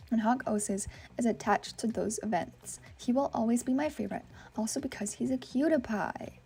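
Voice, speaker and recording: A young woman hosting a gaming channel, chatting excitedly and reacting to viewer submissions with lots of "oh my gosh". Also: fairly high pitch, normal speed. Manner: reads viewer submissions aloud and reacts to them. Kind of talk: casual gaming commentary.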